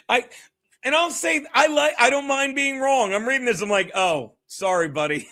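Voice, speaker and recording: A man's voice: very high-pitched, bright, forceful tone. A man hosting a livestream, rambling and swearing as he thanks viewers and laughs often. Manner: rambling, profane, laughs often between remarks. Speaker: host of a livestreamed comedy show. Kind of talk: casual livestream chat reading viewer donations.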